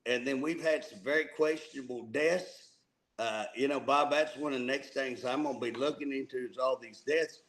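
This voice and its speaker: A man co-hosts a casual political talk show in a folksy, emphatic way, often repeating words as he begins a thought. His voice sits in the mid range, a bit bright, at a moderate pace, and the recording is rough.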